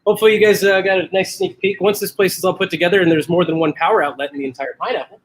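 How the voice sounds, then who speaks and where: A man's voice: high-pitched, fairly even intonation, racing, background noise. A man hosting a casual live drinks chat, joking and laughing often. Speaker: host. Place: makeshift bar space without power.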